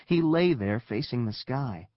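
A man narrating a children's story with expressive storytelling. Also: medium pitch, a little slow, dry recording, muffled recording. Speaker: audiobook narrator.

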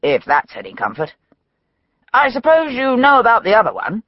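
A woman voicing a brisk, cheerful middle-aged male police surgeon, wry and matter-of-fact, for an audiobook. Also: a little high, wildly swooping pitch, highs cut off, pitched above the performer's own voice.

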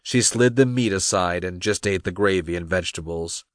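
A man narrating a romance audiobook, reading in an expressive storytelling manner. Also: sits low, moderate pace, no room sound, clean studio sound. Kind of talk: scripted narration.

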